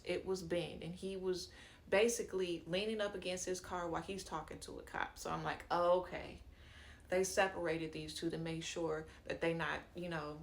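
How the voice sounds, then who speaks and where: Woman doing a storytime vlog, kinda low voice, chatty and slangy, lots of asides. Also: vocal fry. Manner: chatty and slangy, acts out quoted dialogue; frequent fillers and asides to viewers. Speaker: vlogger telling a story. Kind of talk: casual storytime narration.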